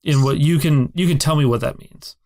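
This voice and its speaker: A man's voice: fairly high pitch, brisk, warm tone. A man running a tabletop game as game master, casual and hesitant, laughing often.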